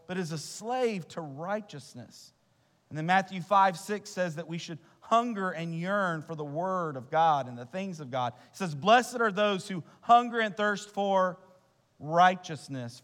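A man preaches with earnest conviction, asking the congregation question after question. His voice sits high for a man. The sound rings with the long reverb of a church hall. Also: a bit bright. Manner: earnest, rhetorical questions, repeats words. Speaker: pastor. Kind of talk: sermon.

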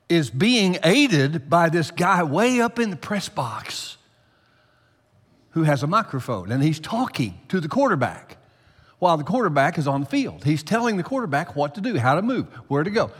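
A man preaching a sermon to his congregation, climbing loud for emphasis and then dropping low. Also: big pitch swings, normal speed. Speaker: pastor. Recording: long hall reverb.

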